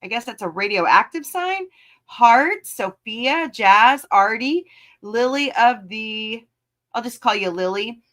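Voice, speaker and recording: A woman's voice: on the high side, expressive, slow, a bit bright. A woman hosting a casual livestream talk show, joking around and greeting her viewers by name.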